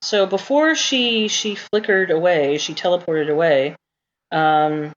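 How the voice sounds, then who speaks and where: Woman game master on a dull mic. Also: on the low side. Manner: casual, halting narration with frequent restarts and giggles. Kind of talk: narrating a tabletop game. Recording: slightly dull lo-fi mic with faint hiss.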